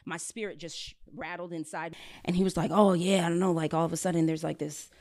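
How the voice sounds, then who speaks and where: A woman's voice: fairly low pitch, steady tone, quick pace, darkish tone. A young woman, a resident assistant, telling a rambling story in casual podcast chat, breaking off into asides. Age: young adult.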